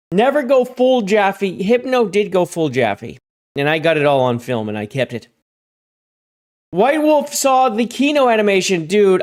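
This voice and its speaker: A man hosting a casual gaming livestream, rambling and repeating himself, and jumping up in pitch and volume whenever he greets people in chat. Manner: jumps high and loud when greeting chat. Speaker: livestream host.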